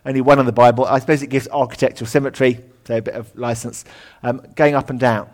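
A man delivering a sermon in an easygoing, conversational way, with fillers and asides. His pitch sits in a middle range, and he often drops his voice to a hush. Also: fairly even intonation, fast talker. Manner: conversational, with many ums and asides, dropping to a hush at times. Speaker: preacher. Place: lecture room.

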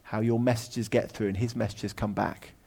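Chatty preacher, conversational sermon. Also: male voice, lowish voice, steady tone, normal speed, creaky. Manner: conversational, with many ums and asides, dropping to a hush at times. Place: lecture room.

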